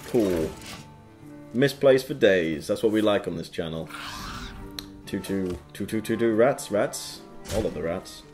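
A man's voice: fairly low pitch, unhurried, a little mellow, soft background music. A man hosting his own gaming channel, casually commenting on a card game with playful quips and goofy sound effects while reading card text aloud.

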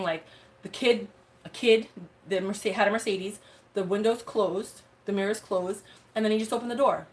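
A young woman talks casually to her livestream viewers in an animated, slang-filled way. Her voice sits at a middle pitch. She jumps between stories with lively asides. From United States. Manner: chatty, animated storytelling with slang. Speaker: live sale host.

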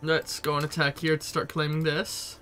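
A man with a stuffy cold giving casual, excitable commentary while playing a game. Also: on the high side, moderate pace, soft background music. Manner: chatty, swearing, excitable reactions. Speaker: let's play streamer. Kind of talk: gameplay commentary.

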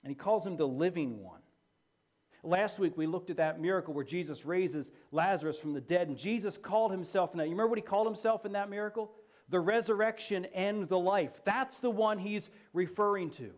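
A man's voice: high voice, fairly quick. A man preaching a sermon as pastor, emphatic and repeating key phrases for effect.

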